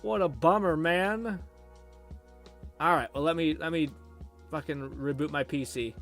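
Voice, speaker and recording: A man's voice: on the high side, a little slow, a bit bright, soft background music. A man live streaming from his home computer, chatting casually with viewers and rambling and swearing while he troubleshoots his PC.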